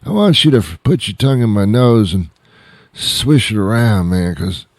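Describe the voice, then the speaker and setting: A man's voice: on the low side, expressive, normal speed, darkish tone, no room sound, clean studio sound, pitched above the performer's own voice. A man voicing a sloppy, affectionate drunk man who keeps repeating himself and begging for hugs. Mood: clingy. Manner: slurring, repetitive, pleading for hugs.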